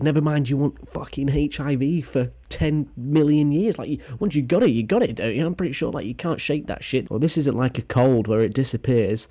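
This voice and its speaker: A man's voice: medium pitch, warm tone. A man giving crude, rambling reaction commentary on a video.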